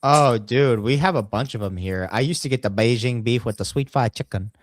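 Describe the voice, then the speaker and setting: A man co-hosting a casual podcast chat, loud and excitable, joking around. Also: medium pitch, brisk, dry recording, studio quality. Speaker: podcast co-host.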